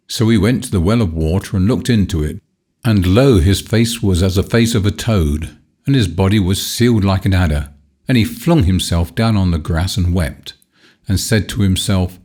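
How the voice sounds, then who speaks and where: Guy with a really low voice reading an old fairy tale, steady storytelling. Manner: measured, old-fashioned storytelling. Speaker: audiobook narrator. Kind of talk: scripted fairy-tale narration.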